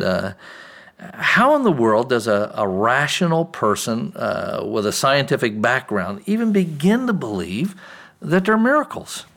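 A man's voice: fairly low pitch, a bit bright. A man asking skeptical questions in a scripted dialogue, hesitant and thoughtful.

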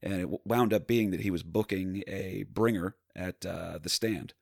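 A man's voice: low voice, normal speed, creaky, dry recording, studio quality. A man from New Jersey, a stand-up comedian, telling rambling stories full of fillers and restarts. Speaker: stand-up comedian, podcast guest. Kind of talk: casual storytelling.

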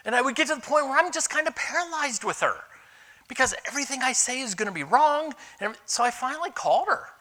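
A middle-aged man preaching a sermon as pastor, telling candid personal stories in an animated way. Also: very high voice, quick pace.

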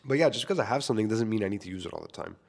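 A man's voice: fairly low pitch, expressive, rapid-fire, vocal fry, slight background noise. A young man, a filmmaker, talking casually into a microphone to his listeners, candid and self-deprecating, swearing freely. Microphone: studio microphone.

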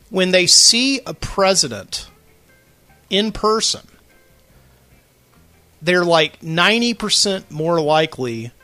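A man's voice: on the high side, sharp tone, dry recording. A man hosting a late-night solo podcast from a studio, telling a long rambling story with lots of fillers. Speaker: podcast host.

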